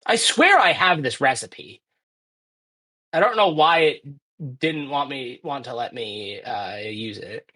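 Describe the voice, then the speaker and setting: A man's voice: mid-range voice, animated, slow pace, bright, forceful tone. A man streaming a speedrun, chatting casually and thinking aloud as he plays, often correcting himself. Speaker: speedrunner playing live. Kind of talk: casual commentary while playing.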